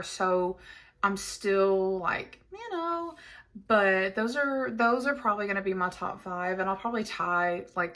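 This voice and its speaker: A woman's voice: medium pitch, fairly bright tone. Chatty, gushing woman book vlogger. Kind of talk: casual chat to camera.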